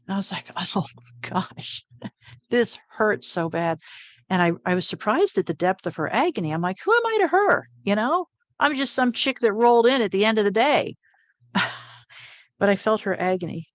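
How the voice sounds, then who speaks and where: A middle-aged woman, an interview guest, telling a personal story in a lively way, often laughing and acting out what people said. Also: fairly low pitch, dry recording. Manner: animated, laughs often, acts out quoted lines.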